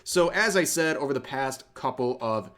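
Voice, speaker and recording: A man narrating a scripted commentary video in a measured, steady reading. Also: mid-range voice.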